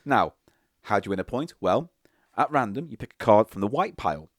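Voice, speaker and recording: A man's voice: fairly low pitch, sing-song, brisk, dry recording, clean studio sound. A man co-hosting a podcast in casual chat, playful and rambling, swearing freely. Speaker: podcast co-host.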